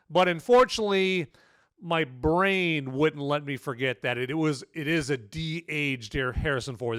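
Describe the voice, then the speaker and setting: A man's voice: a little high, fairly bright tone, clean tone, no echo, studio quality. Man rambling through a casual movie review. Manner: rambling, many fillers and "okay?" tags.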